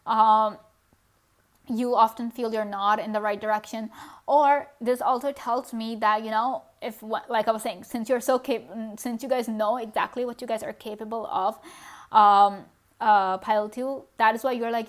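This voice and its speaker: A woman's voice: a little high, steady tone, normal speed. A woman giving a casual pick-a-card tarot reading, talking straight to the viewer with lots of "you know" and little laughs.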